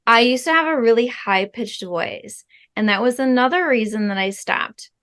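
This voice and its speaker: A middle-aged woman, a spiritual healing guide, answering interview questions in a slow, measured, earnest way with soft fillers. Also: on the high side, lively intonation.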